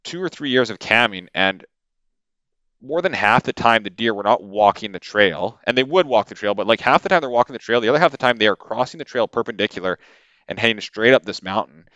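Low-voiced man, animated storyteller. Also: brisk, dry recording, muffled recording. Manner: animated, with many fillers and repeated words. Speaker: podcast guest. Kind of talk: casual storytelling. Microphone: podcast microphone.

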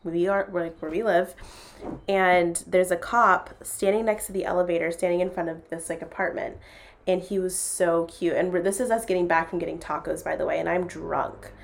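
A woman's voice: fairly low pitch, moderate pace, vocal fry. Young woman telling a story animatedly. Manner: animated, quotes people in dialogue, bursts of laughter. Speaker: podcast host telling a story. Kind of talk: casual storytelling chat.

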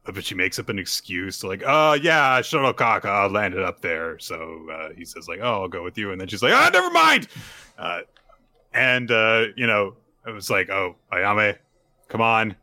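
A man's voice: fairly low pitch, moderate pace, sharp tone, no room sound. A man co-hosting a podcast, casually recapping manga chapters and acting out the characters' lines. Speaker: podcast co-host.

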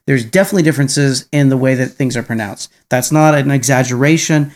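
A man's voice: medium pitch, a little fast. A man hosting a podcast in casual chat, rambling with many restarts and frequent tag questions. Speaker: podcast host.

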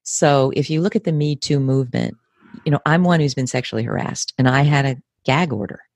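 A woman's voice: very deep voice, dry recording, clean studio sound. Emphatic American woman in her fifties. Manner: measured, emphatic, repeats words for stress. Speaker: interview guest. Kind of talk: earnest conversational interview.

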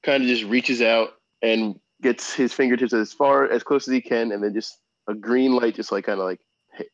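A man's voice: mid-range voice, fairly even intonation, moderate pace, no echo. A man playing a tabletop game, describing his character's spell in a laid-back, rambling way. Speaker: player. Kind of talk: casual tabletop play. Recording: dull, dry sound.

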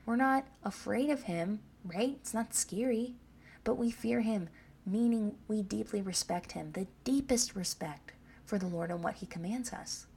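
A woman's voice: medium pitch, a little slow, vocal fry, darkish tone, slightly rough. A woman preaching a sermon, reading scripture aloud and pressing her points with repeated questions to the listeners. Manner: emphatic, asks the listeners "Amen?".

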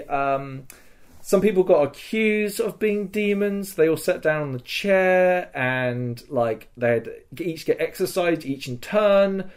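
A man's voice: fairly high pitch, a little mellow. A man on a podcast, telling a story in casual chat, swearing freely and acting out the scenes with sound effects. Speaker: podcast host.

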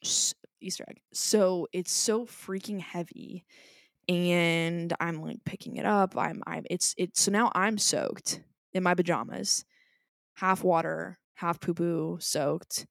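Her pitch is fairly low and gravelly, and she speaks slowly; the audio is studio quality with no room sound. She's a woman in her twenties, a podcast co-host who animatedly tells a story in casual chat, acting out what others said.

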